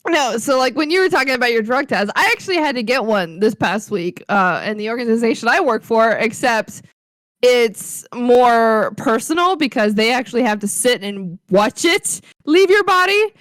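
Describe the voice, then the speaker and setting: A woman's voice: a little high, expressive, normal speed, a bit bright, dry recording. A young woman co-hosting a podcast, talking in a blunt, wry way and swearing casually. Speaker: podcast co-host. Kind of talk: casual chat.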